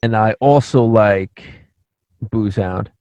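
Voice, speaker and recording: A man's voice: fairly low pitch, takes it slowly, darkish tone, no echo. A man co-hosting a podcast in laid-back, teasing casual chat.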